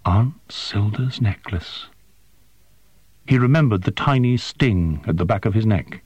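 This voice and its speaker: Slow, expressive male audiobook narrator. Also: on the low side, husky, no room sound. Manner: slow, measured, expressive storytelling. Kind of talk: scripted narration.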